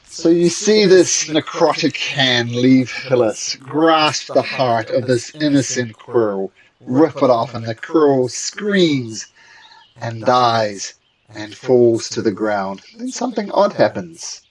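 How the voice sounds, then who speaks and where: A game master narrating a tabletop game in a relaxed, hesitant way. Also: mid-range voice, slow pace.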